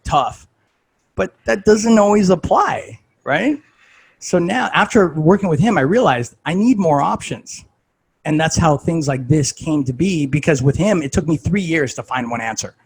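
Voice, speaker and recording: Husky-voiced man, chatty fitness coach. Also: on the high side, animated, normal speed, low-quality recording. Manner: conversational, frequent "like" and "right?". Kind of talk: casual coaching talk.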